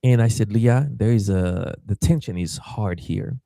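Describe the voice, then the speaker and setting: A man's voice: fairly low pitch, a little slow, creaky, no echo, studio quality. A man from Haiti, a pastor telling a story in a podcast interview, acting out voices and stammering as he goes. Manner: animated, acts out quoted voices, stammers and repeats.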